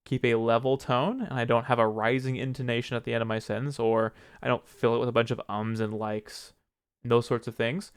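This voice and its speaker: A young man, a streamer, talking casually to camera and giving advice. He is reflective, pauses often to choose his words, and is self-critical about how he speaks. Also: mid-range voice, level tone, clear, resonant tone. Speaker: streamer and video creator.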